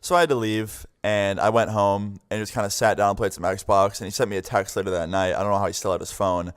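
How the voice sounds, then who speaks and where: A young man with a lowish, clear, resonant voice talks fast and flatly while telling a story-time tale to his viewers. He rambles, leans heavily on "like" as a filler, and acts out the voices of the people involved.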